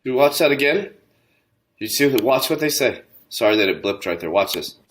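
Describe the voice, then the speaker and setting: A man on a crypto channel, talking in a preachy, fired-up way at a middle pitch. He keeps calling his listeners warriors and climbs into loud indignation. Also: lively intonation, moderate pace. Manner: gets loud and indignant, rising to near shouting. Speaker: crypto channel host and coach. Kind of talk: heated motivational crypto commentary.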